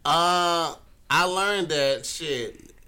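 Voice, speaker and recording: A man with a bright, forceful tone and a slightly high pitch, chatting on a podcast. He jokes and swears freely, teasing the others with laughter in his voice. He talks like a comedian among friends. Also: extremely slow, smooth. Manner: joking and profane, laughs while teasing. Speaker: comedian and co-host. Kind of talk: casual podcast chat.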